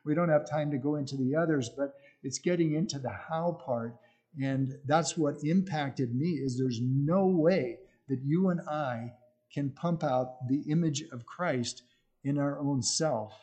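Middle-aged male preacher, earnest conversational sermon delivery, warm dark tone. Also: on the high side, unhurried. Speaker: missionary speaker.

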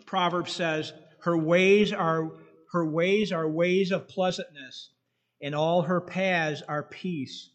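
A man preaching a sermon in a slow, earnest way, reading scripture aloud, with a slight whistle from his tooth. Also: fairly high pitch, fairly even intonation.

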